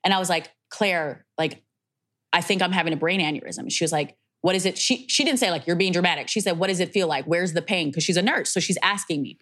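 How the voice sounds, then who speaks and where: A young woman hosting a podcast, telling a personal story in an emotional, animated way. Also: lowish voice, quick pace. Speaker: podcast host. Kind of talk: casual podcast conversation.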